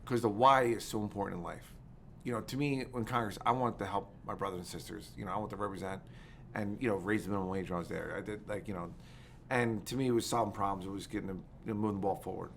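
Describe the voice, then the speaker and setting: Fast-talking man, lots of fillers. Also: fairly low pitch, gravelly, slight background noise. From United States. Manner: rapid, animated storytelling with many fillers. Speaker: podcast guest. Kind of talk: casual interview talk.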